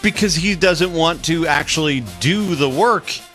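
Male radio co-host, slightly high and bright voice, chatty and opinionated in loose studio banter. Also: normal speed, faint music behind.

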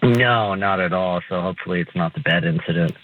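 A young man calling into a show, telling a dating story in a relaxed, rambling way full of fillers. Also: sits low, brisk, noisy background. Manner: laid-back, rambling with many "like"s. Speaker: caller. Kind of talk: casual phone-in storytelling. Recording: tinny phone line.

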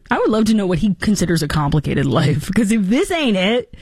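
A woman hosting a political commentary show, talking in a sarcastic, animated and mocking way. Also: mid-range voice, normal speed, breathy edge, dry recording, studio quality.

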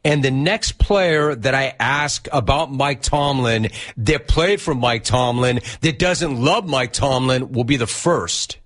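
A man's voice: mid-range voice, slow, hardly any pauses, a bit bright. A man hosting a sports talk show, interviewing a guest in an enthusiastic, emphatic way and repeating words for stress. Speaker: sports radio host.

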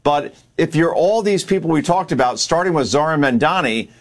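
A man's voice: a little high, lively intonation, moderate pace. A man commenting on politics in a panel discussion, emphatic and argumentative.

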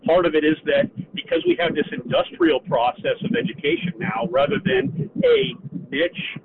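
A man's voice: on the high side, wildly swooping pitch, moderate pace. An older man, a former community college professor, calling in to a radio show and speaking earnestly, with many hesitations and fillers. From Texas. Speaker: caller. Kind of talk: radio call-in chat. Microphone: phone. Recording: tinny phone line with noise.

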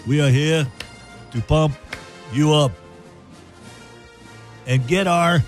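A man's voice: on the high side, slow, long pauses, faint music behind. A man hosting a live morning radio show, joking around and reading sponsor spots in a playful way. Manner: playful, jokey, with ad reads. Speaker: radio and podcast host. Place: radio studio.

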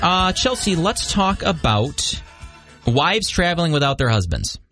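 Lively joking male co-host. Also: fairly high pitch, a little slow, music in the background. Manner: joking, chatty storyteller. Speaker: radio show co-host. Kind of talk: casual banter.

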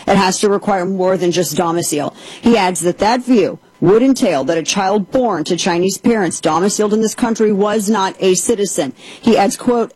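Female talk host, husky and emphatic, indignant commentary with a dry studio sound. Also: fairly low pitch, a little mellow, no echo, poor audio. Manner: emphatic, indignant, quotes at length. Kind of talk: opinion commentary and host-read ad.

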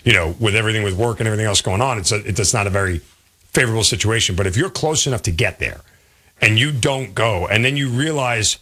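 A man hosting a sports call-in radio show, talking in an animated, conversational way. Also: lowish voice, fast. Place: radio studio.

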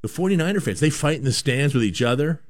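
A man's voice: a little high, expressive, fast, no room sound, clean studio sound. A man from Canada hosting a sports talk show, giving a rambling, opinionated monologue.

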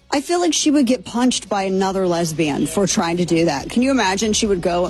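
A woman's voice: medium pitch, expressive, fairly quick, few pauses, a little mellow, husky. A woman hosting a talk radio show, giving scornful, mocking commentary.

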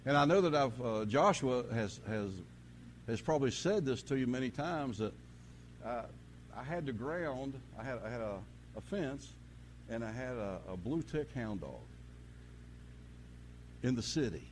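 A man preaching a sermon, telling folksy stories and swinging from quiet asides to loud preaching. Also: medium pitch, animated, measured pace, pauses often, slight background noise. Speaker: pastor.

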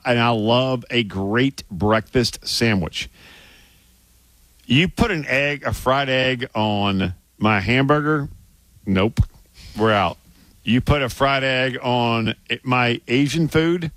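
A man co-hosting a sports radio show, talking in a casual, excitable way and repeating himself when he gets worked up. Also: mid-range voice, slow, dry recording. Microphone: studio microphone.

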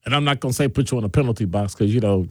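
A man hosting an afternoon call-in radio show, bantering and teasing his listeners as he reads their messages. His voice sits at an ordinary middle pitch, recorded dry and close with no room sound. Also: racing, darkish tone, dry recording. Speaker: radio talk show host.

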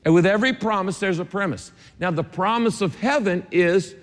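A man with a high-pitched voice preaches a sermon, hammering his points home through repetition and slipping in dry asides. His voice rings out with the long reverb of a large church auditorium. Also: expressive, a little fast, few pauses. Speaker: pastor.

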